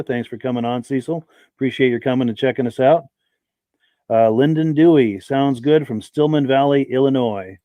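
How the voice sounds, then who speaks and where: Chatting amiably on his live-stream podcast, a man welcomes viewers by reading their names out loud. His medium-pitched voice is mellow, with no echo in the recording.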